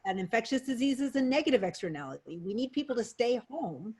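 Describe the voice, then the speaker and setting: A woman's voice: fairly high pitch, lively intonation, fast, darkish tone. Woman economist explaining step by step. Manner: clear, lecturing, builds step-by-step arguments. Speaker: economist guest. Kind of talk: explanatory interview answers.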